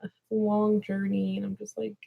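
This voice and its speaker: A woman's voice: medium pitch, monotone, moderate pace, gravelly, phone-quality sound. A young woman vlogger answering viewer questions in a rambling, drowsy way that trails off into mumbles. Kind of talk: casual livestream Q&A chat.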